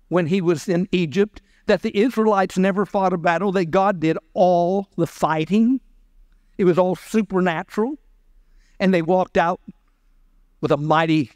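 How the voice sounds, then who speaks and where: High-voiced, resonant male pastor preaching. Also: a little mellow, no echo, studio quality. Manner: preaching, acting out the voices of God and Moses. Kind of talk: sermon. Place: church.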